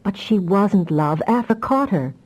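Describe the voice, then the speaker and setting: A woman reading an audiobook voices a calm, affectionate husband who talks in a gentle, teasing way. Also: mid-range voice, unhurried, low-quality recording. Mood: gently teasing.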